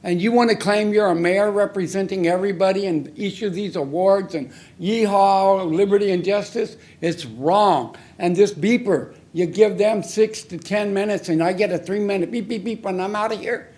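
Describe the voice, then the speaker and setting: A man with a notably high voice for a man delivers public comment at a city council podium. He talks in an angry, confrontational way, hammering the council with short, blunt, repeated phrases. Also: normal speed, few pauses, a little mellow. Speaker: member of the public giving comment.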